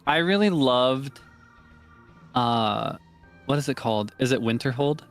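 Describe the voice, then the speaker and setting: A man's voice: a little slow, faint music behind. A man streaming a video game, chatting casually with a friend and laughing often. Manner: chatty, breaks into high laughs. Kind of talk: casual gaming chat.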